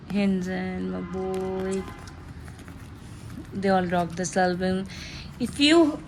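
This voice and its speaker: In this clip, a Pakistani teenage girl with a medium-pitched voice vlogs an unboxing, giggling often and gushing like an excited fan. Her casual chatter comes with a slight hiss or hum.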